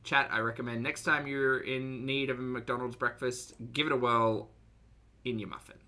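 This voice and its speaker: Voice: mid-range voice, fairly even intonation, normal speed, bright, forceful tone. A streamer giving blunt, sarcastic live commentary to chat and swearing freely. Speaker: streamer reacting to videos.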